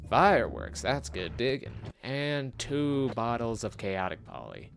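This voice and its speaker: A man's voice: mid-range voice, big pitch swings, measured pace, creaky, soft background music. A man streaming a game, giving casual commentary and muttering to himself in a chatty, self-mocking way.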